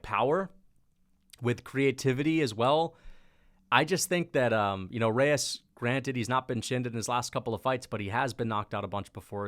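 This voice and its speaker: A man's voice: mid-range voice, a bit bright. A young man giving a casual, rambling monologue that breaks down upcoming fights, full of slang and "like" and "dude.". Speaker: MMA prediction YouTuber.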